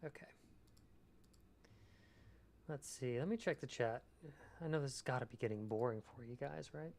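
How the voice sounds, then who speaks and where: A man's voice: mid-range voice, normal speed, creaky, a little mellow. A man streaming his screenwriting work in casual chat, reading out viewers' messages and answering them thoughtfully. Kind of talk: casual livestream chat while writing.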